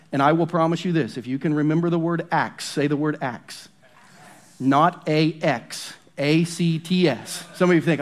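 A man preaching a sermon as pastor in a church, emphatic and often dropping to a hushed, intense tone on key points. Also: on the high side.

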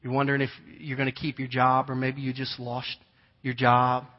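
A man, preaching a conversational sermon and telling stories with animated voices. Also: medium pitch, moderate pace. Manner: conversational storytelling, animated imitations of children. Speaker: pastor. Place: large church hall. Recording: long hall reverb, dull lo-fi sound.

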